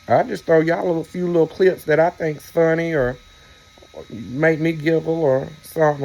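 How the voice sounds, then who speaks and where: A man's voice: fairly high pitch, steady tone, moderate pace, vocal fry, a little mellow, lo-fi sound. A man, chatting casually to his viewers in a rambling, storytelling way with playful teasing asides. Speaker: vlogger. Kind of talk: casual chat to camera.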